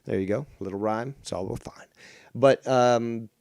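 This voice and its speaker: A man hosting a live call-in show, answering in sarcastic, drawn-out retorts full of ums and uhs. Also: medium pitch, creaky, darkish tone, smooth. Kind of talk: casual live call-in chat.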